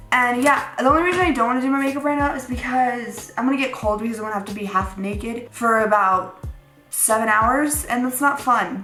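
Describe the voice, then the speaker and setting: A woman's voice: fairly high pitch, a bit bright. Chatty young woman vlogger, roomy echo. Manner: chatty, swears casually, rambling with fillers. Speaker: beauty vlogger. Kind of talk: casual chat while doing makeup. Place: room at home, seated at a makeup chair.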